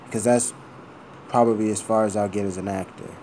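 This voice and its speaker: Low-voiced man rambling casually. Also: fairly even intonation, a little fast, dark tone, slight background noise. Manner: profane, meandering, thinking aloud.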